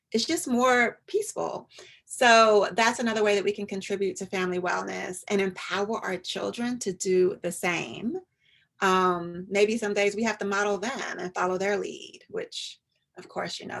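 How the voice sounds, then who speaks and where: Lady psychologist chatting with parents, kinda gravelly, lively and informal. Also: medium pitch. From US, Atlanta area. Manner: chatty and animated, often drops to a demonstrative whisper.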